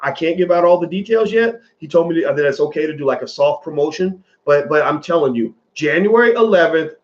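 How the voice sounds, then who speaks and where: A man from the American South talks to his viewers in a loose, animated commentary. His voice sits a little high for a man, and he curses casually and repeats words to drive his point home. The audio sounds dull and lo-fi. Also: fairly quick. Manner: animated, profane, repeats phrases for emphasis.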